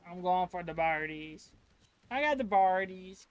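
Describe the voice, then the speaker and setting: A man streaming a video game, chatting casually to his viewers and getting loudly frustrated with the game. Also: high-pitched, normal speed, clear, resonant tone. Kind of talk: casual gameplay commentary.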